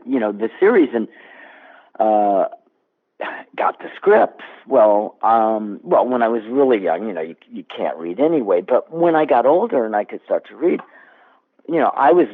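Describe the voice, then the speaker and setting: Give me an older man telling animated stories in an interview, pitch very lively, sound thin like a phone call. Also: a little slow. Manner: animated storyteller. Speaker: guest actor. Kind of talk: casual interview chat. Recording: tinny phone-like line.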